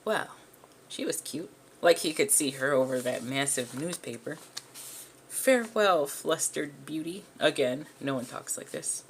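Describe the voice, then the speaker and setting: A woman's voice: rumbling low, moderate pace, a little hiss or hum. A woman looking back at her old comic drawings in casual commentary, wry and self-mocking. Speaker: vlogger and artist.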